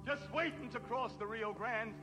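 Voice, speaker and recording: A man's voice: extremely high pitch, moderate pace. An actor playing a hateful right-wing male villain, heard in a film clip. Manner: hateful speech-making. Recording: clip from a film soundtrack with music.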